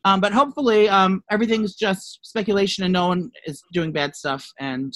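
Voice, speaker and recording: A man's voice: sits high, brisk, fairly bright tone, poor audio. A man co-hosting a podcast in casual chat, gushing, profane and rambling. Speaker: podcast co-host.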